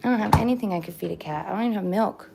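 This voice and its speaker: A woman's voice: mid-range voice, rapid-fire, creaky, background noise. A woman vlogging casually, coaxing a stray cat in a sing-song voice and musing aloud between calls. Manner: chatty musing asides. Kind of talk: casual vlog, talking to a cat. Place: outdoors on a back porch.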